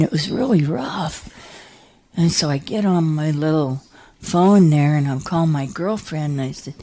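A woman telling a comic personal story, animated, dropping into hushed whispered asides. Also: sits low, unhurried, husky.

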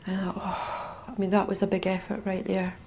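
Woman, Scottish accent, middle-aged, personal testimony, hushed to raised, halting, faint background noise. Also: mid-range voice, completely flat delivery, creaky. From Scotland. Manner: intense, halting storytelling that swings between hushed and raised.

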